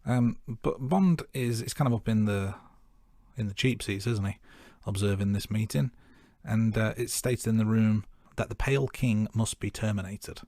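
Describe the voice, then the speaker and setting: A man with a fairly low voice talks through a film's scenes in a relaxed, self-deprecating way. The recording is dry and close, with no room sound. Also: moderate pace, no echo. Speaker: podcast co-host. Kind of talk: casual film-review chat.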